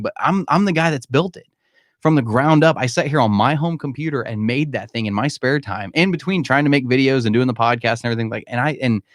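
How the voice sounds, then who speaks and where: A man's voice: medium pitch, no room sound, clean studio sound. Candid man hosting a live Q&A. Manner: candid, emphatic, calls listeners "man". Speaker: podcast host. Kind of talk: live-stream Q&A chat. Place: home room.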